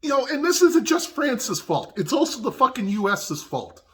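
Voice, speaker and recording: A man's voice: very high voice, sing-song, normal speed, a bit bright. A man ranting angrily in a vlog recorded in his garage, swearing constantly and raising his voice in indignation. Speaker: vlogger. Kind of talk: angry personal rant. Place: home garage.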